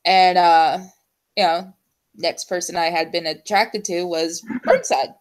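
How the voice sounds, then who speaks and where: A woman talk-show host in casual conversation, her voice sitting a little low for a woman. She wanders through her stories with frequent ums and unfinished thoughts. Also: fairly even intonation. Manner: chatty, full of ums and trailing pauses. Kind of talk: casual chat.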